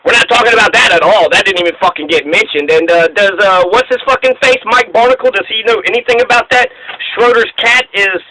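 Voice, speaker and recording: A man delivers a profane, sarcastic political rant in a high, sharp voice. He is angry and mocking, with curses spilling through, and the sound has a radio-like quality. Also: fast, few pauses, rough recording. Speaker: political commentator. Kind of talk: profane ranting monologue.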